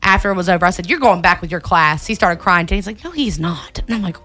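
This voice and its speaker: Woman co-host, bright animated storyteller, faint music under. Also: lowish voice, quick pace. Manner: animated storytelling with acted quotes. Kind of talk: casual chat.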